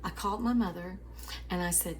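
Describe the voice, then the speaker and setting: A woman's voice: on the low side, brisk, darkish tone, slight background noise. A woman host telling a story in a devotional chat, calling her listeners sweeties and family and often laughing.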